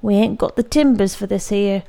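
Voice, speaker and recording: A woman reading the part of a gruff, bossy male mine foreman who barks curt orders in a rural drawl, in a storybook reading. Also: mid-range voice, moderate pace, mellow, no echo, lightly acted. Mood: commanding.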